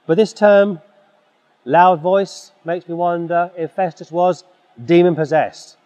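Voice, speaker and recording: A preacher delivers a forceful, exhorting sermon in a slightly high voice. The sound is dull and muffled, with a long reverb from a large hall. He clears his throat now and then. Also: steady tone, takes it slowly.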